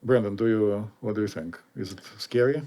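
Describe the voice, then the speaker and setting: A man's voice: lowish voice, fairly quick, warm tone. A man with a Russian accent hosting a casual podcast chat, explaining things in a meandering, hesitant way. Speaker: podcast host.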